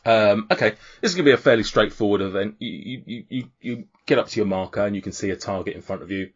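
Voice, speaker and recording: A man narrating a tabletop game as game master, with a low voice. He rambles and restarts his sentences often. The audio sounds dull and lo-fi. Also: fast talker. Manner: rambling, with many fillers and restarts.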